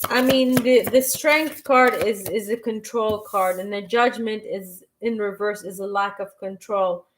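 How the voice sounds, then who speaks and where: Slow-talking tarot reader woman. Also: medium pitch, fairly even intonation, background noise. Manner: halting, restarts often, reads chat questions aloud; slow and unhurried. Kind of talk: live-stream tarot reading.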